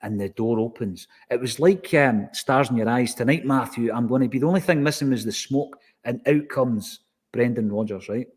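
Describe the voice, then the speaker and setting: A man's voice: medium pitch, normal speed, husky. A man with a Scottish accent telling a story in casual podcast chat, acting out the exchanges he quotes. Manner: animated anecdotal, acts out quoted exchanges.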